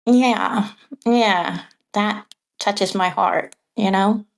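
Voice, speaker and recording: Woman, middle-aged, kindergarten teacher, animated storytelling, average pitch. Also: very slow, creaky. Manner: animated, acts out quoted voices and laughs often. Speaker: podcast guest, kindergarten teacher. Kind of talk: conversational storytelling.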